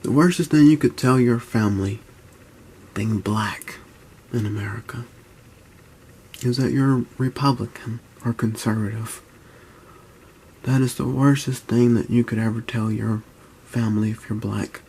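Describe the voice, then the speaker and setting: A man in his early twenties, talking low and often whispering in a halting vlog at home, with many restarts. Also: fairly even intonation, vocal fry, darkish tone, slightly rough. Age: 20s. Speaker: YouTuber. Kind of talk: hushed vlog talk. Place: at home, indoors.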